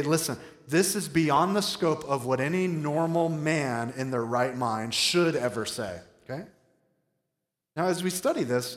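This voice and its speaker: A male pastor preaching an animated sermon, shifting between loud emphatic bursts and slow, quiet phrases. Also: mid-range voice. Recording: echoey hall reverb.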